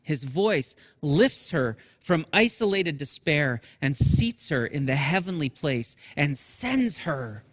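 High-voiced man preaching with long reverb. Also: big pitch swings, slow, few pauses, clean studio sound. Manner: earnest preaching, soft and low in reflective passages. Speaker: pastor. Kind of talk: Easter sermon streamed to people at home.

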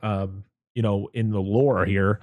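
A man's voice: lowish voice, fairly even intonation, a little slow, no room sound, narrow, tinny audio. A man hosting a casual chat, rambling through a movie recap and swearing freely.

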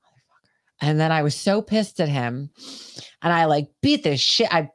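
A woman co-hosting a podcast, telling a story in a casual chat with animated delivery and plenty of swearing. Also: sits low, moderate pace, dry recording, studio quality. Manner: animated storytelling, heavy swearing, shouts when acting out scenes. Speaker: podcast co-host.

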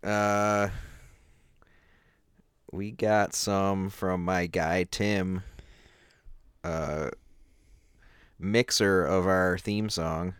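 Deep-voiced man, slow teasing chat. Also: fairly even intonation, a bit bright, clear, resonant tone, no echo, clean studio sound. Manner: laughs often, teasing. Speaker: podcast co-host. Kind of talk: casual chat.

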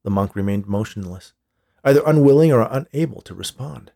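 A man reading a dark tale aloud in a measured, scripted storytelling manner. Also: mid-range voice, animated, gravelly. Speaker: narrator. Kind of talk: scripted audiobook narration.

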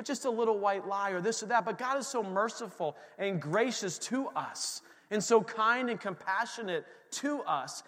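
A man in his thirties preaching a sermon as pastor, animated and joking with the congregation. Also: high-pitched. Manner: animated preaching with asides and humor. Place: church sanctuary. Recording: long hall reverb from a church room.

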